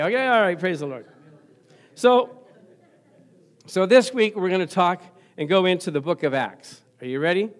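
A middle-aged male pastor preaching a sermon in a lively, joking way, calling questions out to his congregation. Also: sits high, measured pace, pauses often.

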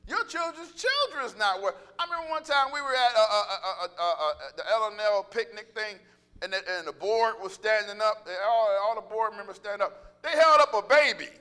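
A man preaching a sermon, animated and joking, acting out little voices and calling out to the congregation. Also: sits high, brisk, smooth. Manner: animated, joking, acts out voices, laughs often; calls out to congregation.

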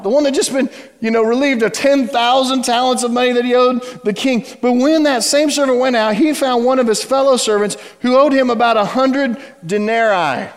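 Guy preaching in a church, highish voice, dramatic storytelling, lots of reverb. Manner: dramatic storytelling with sudden hushed drops. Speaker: pastor. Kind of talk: sermon. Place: church sanctuary.

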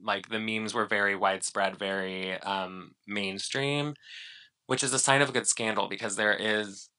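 Bright-voiced chatty man. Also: on the low side, steady tone, normal speed, clear, resonant tone. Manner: chatty, rambling with many fillers. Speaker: podcast co-host. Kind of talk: casual podcast chat.

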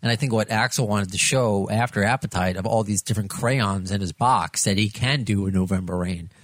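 A man's voice: on the low side, a little fast, no echo. A man hosting an interview, asking rambling questions with many restarts. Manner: rambling, repeats words when asking questions. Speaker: interviewer host. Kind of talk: casual interview.

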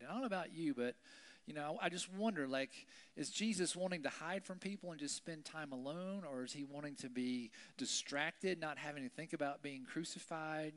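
A man giving a relaxed Bible lesson, chatting with listeners through rhetorical questions and now and then shouting out quotes with drama. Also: on the high side. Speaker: preacher. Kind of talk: Bible teaching, conversational sermon.

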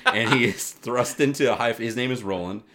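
A man co-hosting a podcast, chatting casually and getting animated as he retells a game story, swearing freely. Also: medium pitch, normal speed. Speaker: podcast co-host. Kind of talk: casual chat about games and anime.

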